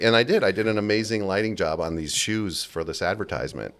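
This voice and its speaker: Talking quickly with hardly any pauses, a man with a voice on the low side shares casual stories as a podcast guest. He's from Las Vegas and animatedly acts out the people he quotes, playing his bosses in raised voices.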